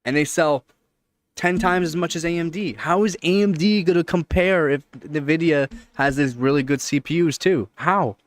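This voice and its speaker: A man's voice: a little high, moderate pace. A man with a Canadian accent, hosting a live stream and chatting casually, rambling and repeating points for emphasis. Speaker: livestream host.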